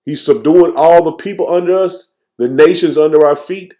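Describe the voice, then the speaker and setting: A man teaching scripture informally, tagging nearly every phrase with "man" and reading verses slowly with restarts. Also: fairly high pitch, mellow. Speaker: preacher.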